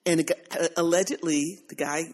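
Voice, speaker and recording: A woman's voice: fairly low pitch, fairly quick. A woman hosting a podcast in casual chat, telling a story with lots of laughter and acted-out quotes. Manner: animated storytelling, laughs often, acts out quotes. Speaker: podcast host.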